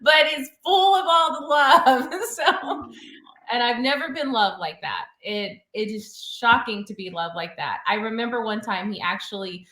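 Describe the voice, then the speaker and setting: A woman's voice: fairly high pitch, unhurried, sharp tone, echoey room. A woman guest in a casual interview, telling personal stories in a chatty way and laughing often.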